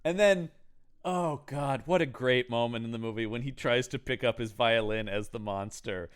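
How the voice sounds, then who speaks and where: A man co-hosting a casual movie-review podcast, joking and dropping into quick impressions. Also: mid-range voice, clear, resonant tone. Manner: animated, jokey, slips into quick voices. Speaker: podcast co-host.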